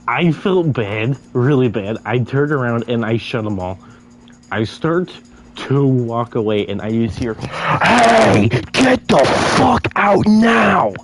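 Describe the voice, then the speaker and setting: A man's voice: medium pitch, a little mellow, poor audio. Young man telling a story, stammering. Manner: stammers, repeating syllables many times. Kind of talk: casual storytelling.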